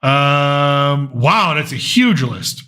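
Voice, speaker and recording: An American man hosts a casual political commentary show on his own. His voice sits a little high and rings bright and pushy. He rambles and thinks aloud as he works through lists. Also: lively intonation, drawn-out words. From United States.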